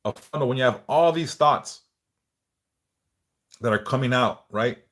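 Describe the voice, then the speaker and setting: A man with a mid-range voice hosts a livestream at an unhurried pace, leading prayers before drifting into casual chat. He's relaxed, swears now and then, and reads the chat aloud. He talks about his stutter and sometimes repeats words.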